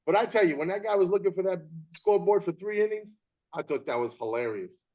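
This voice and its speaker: A man hosting a casual chat and telling umpiring stories in an animated way, acting out the scenes. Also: sits high, quick pace. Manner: animated storyteller, acts out scenes. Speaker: interview host and umpire.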